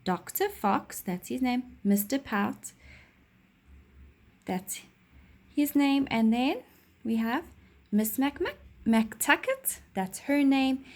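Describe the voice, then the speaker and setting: A woman teacher giving a reading lesson to young children, speaking clearly and reading a rhyme aloud with lively expression. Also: high-pitched, slow, pauses often.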